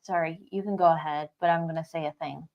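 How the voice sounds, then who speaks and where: A woman with a fairly low voice co-hosting a livestream, calm and matter-of-fact as she reads viewer comments aloud. The sound is slightly muffled and lo-fi. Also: fast talker, vocal fry. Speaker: livestream co-host reading chat. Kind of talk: casual chat.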